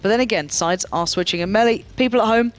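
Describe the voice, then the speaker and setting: A man doing play-by-play commentary on an esports match, lively and quick to joke with his co-hosts. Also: high-pitched, soft background music. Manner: lively, jokey banter. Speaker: esports caster.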